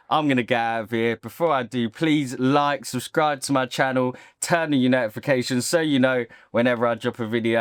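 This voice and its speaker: A man's voice: mid-range voice, clear, resonant tone, dry recording, clean studio sound. Opinionated man reacting to football. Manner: opinionated, talks straight to camera. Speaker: football channel host. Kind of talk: casual football reaction monologue.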